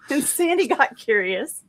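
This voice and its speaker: A woman from the American South telling family stories in a casual chat and laughing often as she goes. Her voice sits fairly high. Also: very animated, takes it slowly. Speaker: guest.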